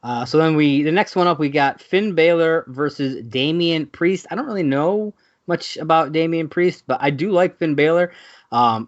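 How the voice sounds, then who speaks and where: Rambling laid-back man, lo-fi sound. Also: a little high. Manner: relaxed, rambling, many fillers. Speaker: podcast co-host. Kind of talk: casual wrestling chat. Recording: dull lo-fi audio.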